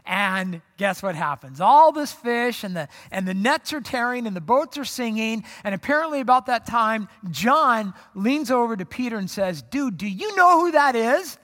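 A pastor preaching a sermon in a church, casual and animated, acting out the dialogue with laughs. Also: medium pitch, moderate pace, hardly any pauses. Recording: long reverb from a hall.

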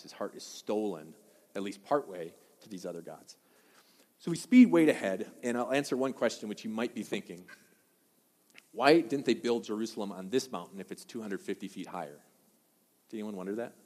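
Fast-talking preacher in an echoing hall. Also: male voice, on the low side. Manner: fast, conversational, loud bursts. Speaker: pastor. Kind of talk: sermon. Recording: long hall reverb.

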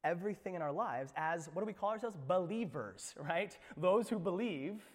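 A male pastor preaching a sermon, animated, swinging between loud emphasis and hushed asides. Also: high-pitched, moderate pace, long reverb tail.

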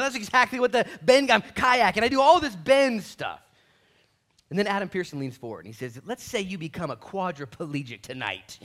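A male pastor delivering a sermon with a lively, swooping voice that sits a little high for a man. He talks casually and jumps into acted-out quotes, suddenly getting loud and then dropping low. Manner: animated, acts out quotes with big pitch and volume swings; casual, conversational phrasing.

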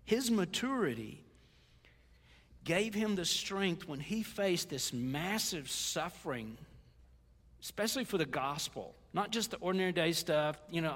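A man's voice: fairly high pitch, big pitch swings, normal speed, vocal fry, a bit bright, breathy edge. An older man preaching a sermon as a pastor, conversational, with stumbles and folksy asides. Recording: reverberant hall.

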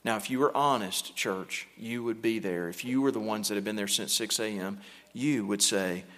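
A male pastor preaching a sermon in a church, moving between hushed, low passages and loud, emphatic pushes. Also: moderate pace. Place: church sanctuary. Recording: long hall reverb.

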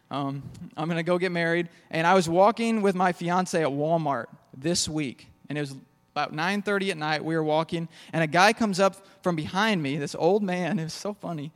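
Young guy preaching, jokey storyteller, bit high voice, big echoey hall. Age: young adult. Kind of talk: sermon.

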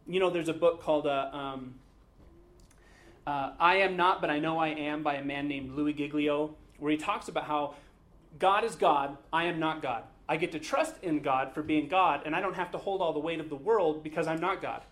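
A man's voice: on the high side, fairly even intonation, normal speed, fairly bright tone. A man leading a Bible study, preaching in an earnest, conversational way with occasional fillers. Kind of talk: sermon.

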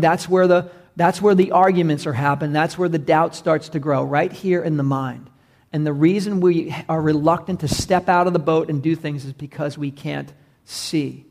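A man's voice: fairly high pitch, vocal fry, darkish tone. A male pastor preaching a sermon in an earnest way, building emphasis with repeated phrases.

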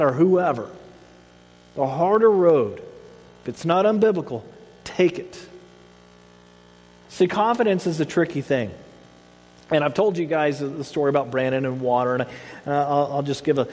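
A man in his thirties preaching a sermon, telling lively stories and acting out the voices of the people in them. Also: on the high side, in a large hall, poor audio. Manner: animated storytelling, acts out voices of his son. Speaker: pastor.

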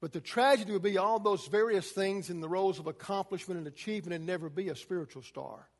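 A man's voice: sits high, fast, in a large hall. A man preaching a sermon to a congregation, emphatic, his delivery rising and falling. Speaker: pastor.

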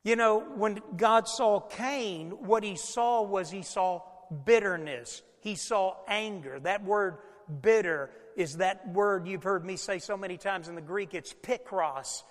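Male pastor, high voice, lively folksy sermon delivery, long hall reverb. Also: unhurried, few pauses. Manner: animated preaching with folksy asides.

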